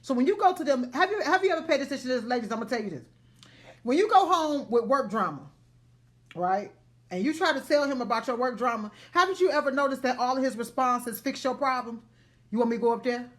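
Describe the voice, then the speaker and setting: A woman's voice: high voice, lively intonation, fast talker, fairly bright tone. A woman giving emphatic relationship advice to the camera, often checking that her listeners follow.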